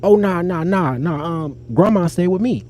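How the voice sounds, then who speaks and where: A man doing a breezy young woman, high and easygoing. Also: lively intonation, moderate pace, a little mellow, a little hiss or hum.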